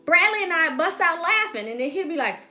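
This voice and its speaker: A high, bright, very lively woman's voice with a Southern US accent. She tells stories in casual conversation, laughing often and acting out what people said. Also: fairly quick, soft background music. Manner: animated, laughs often, acts out quotes. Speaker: podcast host. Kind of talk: casual storytelling chat.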